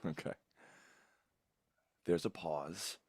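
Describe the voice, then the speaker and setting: A man narrating as game master in a tabletop game, unhurried and wry. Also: low-pitched, a little mellow, slightly rough, no room sound, studio quality.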